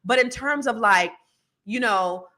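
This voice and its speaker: A woman in her forties talking earnestly and reflectively on a podcast, telling animated stories about raising her kids. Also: a little high, measured pace. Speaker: podcast co-host. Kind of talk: casual podcast conversation.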